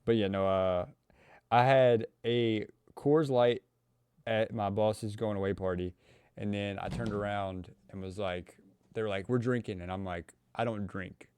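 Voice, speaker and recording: A man's voice: on the low side, fairly even intonation, a little slow, darkish tone, clean tone, dry recording. A young man with a Louisville, Kentucky accent, chatting casually on a podcast, running his sentences together and swearing freely. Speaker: podcast host.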